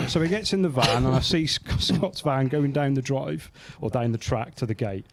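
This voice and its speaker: A man from England hosting a podcast, telling anecdotes in a casual, lively way and acting out the people he quotes. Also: mid-range voice, a little fast, hardly any pauses, a crowd in the background. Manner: animated, acts out quoted voices in anecdotes. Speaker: podcast host. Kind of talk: casual storytelling chat.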